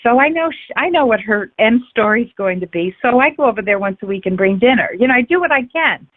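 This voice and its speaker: A woman's voice: fairly high pitch, lively intonation, quick pace. A woman trader being interviewed, talking frankly and passionately about her life and trading, swearing freely and restarting her sentences often. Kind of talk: candid personal interview. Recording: tinny phone-like line.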